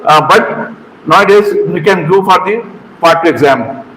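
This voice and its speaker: A middle-aged man leads an informal lecture on medical exams, in a voice pitched a little high for a man. He talks in short halting phrases, repeats himself and keeps asking the students questions. A faint noise sits under the recording. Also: a bit bright, rough recording. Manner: halting, repeats words, asks the audience questions. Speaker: medical exam trainer.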